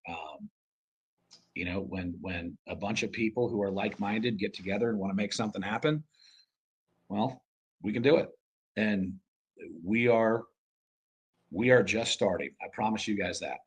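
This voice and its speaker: A man's voice: low voice, slightly rough, rough recording. A man leading a team project on a casual group voice chat, blunt and swearing freely. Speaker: project lead on a crypto call.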